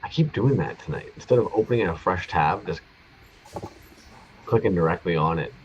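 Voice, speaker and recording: A man's voice: deep voice, lively intonation, moderate pace, highs cut off, a little hiss or hum. A man co-hosting a casual livestream chat, laid-back and rambling, swearing freely. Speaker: co-host.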